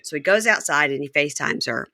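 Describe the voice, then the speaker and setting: A woman hosting a podcast, chatting casually as she recaps a reality show and acts out the cast's lines in quick voices. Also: low-pitched, lively intonation, creaky, bright, forceful tone, no room sound, studio quality. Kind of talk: casual chat.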